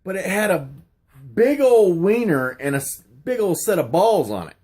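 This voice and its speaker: A man's voice: high voice, big pitch swings, moderate pace, a little mellow. A middle-aged man casually telling stories and answering questions on his channel, rambling with many fillers and restarts. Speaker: YouTuber answering a question tag. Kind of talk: casual storytelling vlog.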